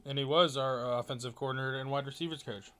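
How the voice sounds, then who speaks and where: A man's voice: medium pitch, fairly even intonation, fast talker, pushed and bright, clean tone. A young man trades sarcastic jokes about college football with a co-host. He swears freely in a loose, casual chat. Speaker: podcast co-host.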